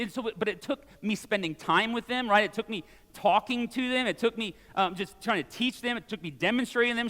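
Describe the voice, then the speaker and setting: A man in his forties preaching a sermon in a church, conversational and animated, with casual asides. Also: high voice, big-room sound. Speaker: pastor. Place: church sanctuary.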